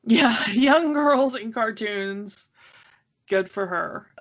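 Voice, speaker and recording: A woman co-hosts a podcast in loose, chatty conversation, laughing often between thoughts. Her voice sits a bit high. The audio is somewhat dull and lo-fi. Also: drawn-out words, a bit bright. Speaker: podcast co-host. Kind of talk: casual chat. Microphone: home microphone, remote call.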